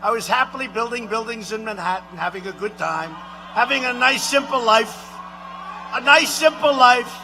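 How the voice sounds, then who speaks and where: A man doing an impression of a boastful male president giving a rambling rally speech, repeating himself and shouting out punchlines. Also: very high voice, animated, moderate pace, background noise. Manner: repetitive, rambling, bragging, with sudden shouted lines.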